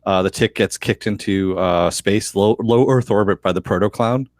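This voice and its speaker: A man co-hosting a podcast, chatting casually and telling animated stories with frequent laughter. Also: lowish voice, normal speed. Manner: animated storyteller, laughs often. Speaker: podcast co-host. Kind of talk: casual chat.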